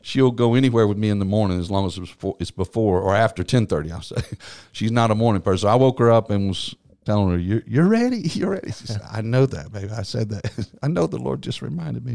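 A middle-aged man, a pastor, telling a personal story in an easy, folksy way, laughing often as he goes. His low voice has a gravelly edge. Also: a little mellow. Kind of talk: storytelling conversation.

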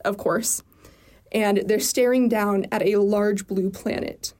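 A woman co-hosting a comedy podcast, chatting casually with playful, deadpan asides. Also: medium pitch, slow pace. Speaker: podcast co-host. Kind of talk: casual chat.

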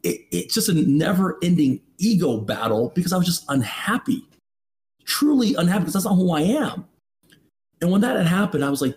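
A man's voice: high voice, big pitch swings, a little fast, darkish tone. A man in his thirties, a podcast guest, telling a personal story with emphatic, preachy rhetorical questions. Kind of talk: candid motivational storytelling.

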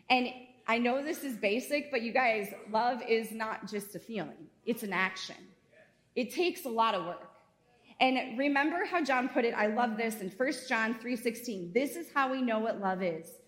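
A woman pastor in her thirties delivers a sermon in a church sanctuary. Her voice sits a little higher than most women's. She keeps it conversational and earnest, with casual asides between the scripture.

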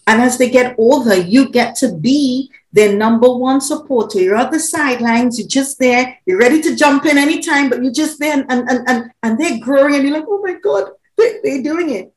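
A woman, talking as a parenting coach in an animated, laughing way. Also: high voice, moderate pace, hardly any pauses, low-quality recording. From Trinidad. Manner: animated, laughs often, repeats words when excited. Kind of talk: conversational interview.

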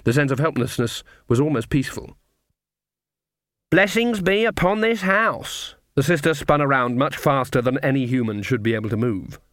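Male audiobook narrator, measured, mid pitch, dry close sound. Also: dry recording. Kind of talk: scripted narration.

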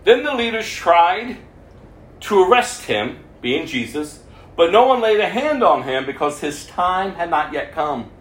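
This preacher's voice is high and sing-song, and he speaks a little slowly. Reading scripture with his own remarks mixed in, he lifts his voice whenever he quotes, and the room has a noticeable echo.

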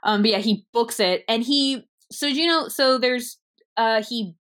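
A young woman in casual chat about a movie, retelling scenes with lively quoted lines and frequent fillers. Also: fairly high pitch, a little slow. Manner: animated storytelling, acting out quoted lines. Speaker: movie reviewer.

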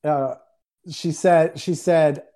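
Taking it slowly, a man with a mellow voice on the high side keeps his intonation fairly even. He's a guest minister on a remote call, conversationally relating a personal testimony and dramatizing the quoted exchanges.

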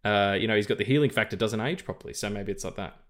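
A man's voice: lowish voice, fast talker, a bit bright. A man co-hosting a film podcast, talking casually and rambling, with lots of fillers, restarts and swearing. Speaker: podcast co-host.

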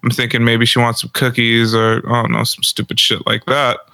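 A man's voice: mid-range voice, completely flat delivery, fairly quick, vocal fry, bright, forceful tone, no echo. A young man co-hosting a podcast, telling a story in loose, joking casual chat and laughing often. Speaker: podcast co-host.

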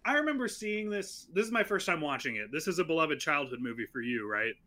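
A man's voice: a little high, sing-song, quick pace, sharp tone. A man co-hosting a casual movie podcast, joking and deadpanning mock-serious bits. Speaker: podcast co-host. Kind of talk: casual chat.

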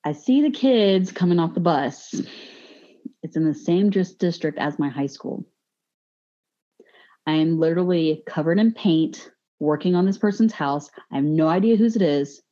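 A woman's voice: deep voice, normal speed. A woman in a casual podcast chat, telling a story bluntly, swearing freely and laughing along. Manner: blunt, profane, laughs through an animated story. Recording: muffled lo-fi podcast audio.

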